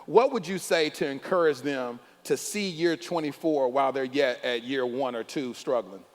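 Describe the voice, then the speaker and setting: A middle-aged man and pastor hosting a church panel on marriage, talking loud and animated and laughing often. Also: mid-range voice, normal speed. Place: church sanctuary. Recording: echoey hall with long reverb.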